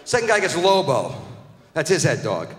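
Profane, animated male stand-up comic. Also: on the high side, moderate pace, heavy background noise. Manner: profane, animated storytelling with shouted outbursts. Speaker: stand-up comedian. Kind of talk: stand-up comedy routine. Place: live comedy venue with audience. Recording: echoey live hall recording.

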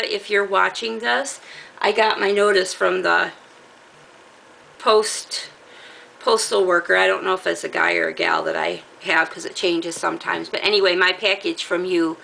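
A middle-aged woman with a gravelly voice, casually chatting as she shows off fabric from a craft haul, rambling and laughing often. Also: fairly low pitch, sharp tone, slight background noise, rough recording. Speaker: crafting channel host. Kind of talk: casual haul show-and-tell.

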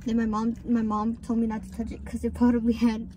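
A teenage girl chats casually and teases her older sister. Her voice is fairly high yet mellow and soft. Faint car and outdoor noise sits in the background. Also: completely flat delivery, brisk. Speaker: younger sister, guest. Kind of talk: casual chat.

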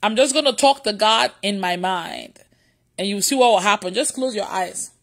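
A woman's voice: mid-range voice, moderate pace. A woman preacher leading a livestreamed prayer session, who laughs often and repeats her phrases.

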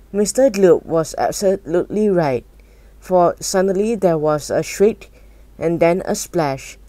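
A woman reading a children's book aloud, unhurried and steady. Her voice sits low and moves very slowly, with a dry, close sound. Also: no echo. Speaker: storybook reader.

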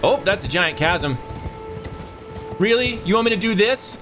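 A man giving excitable gameplay commentary who yells and swears at the game. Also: high voice, unhurried. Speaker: gaming channel host. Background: game music.

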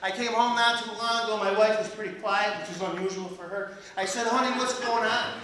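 A man's voice: sits high, flat delivery, fairly quick, fairly bright tone, slight background noise. A man in his late fifties with an American accent doing a crude stand-up comedy set, casual and punctuated with "right?". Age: 50s. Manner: crude, conversational, keeps asking "right?". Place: comedy club stage with a laughing audience. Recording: echoey room, distant mic, crowd laughter.

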